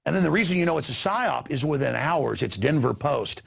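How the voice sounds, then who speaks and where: A man hosting a show, talking in a rambling, animated way, stammering and repeating words. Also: fairly high pitch, brisk, gravelly, slightly rough. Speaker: host. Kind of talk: rambling on-air chat. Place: studio in Austin.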